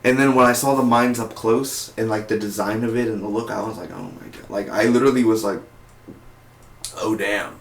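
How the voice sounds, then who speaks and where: A man's voice: on the low side, steady tone, fast, few pauses. A man reviewing a TV episode in a casual video, rambling, repeating words and correcting himself as he goes. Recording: echoey room with faint noise.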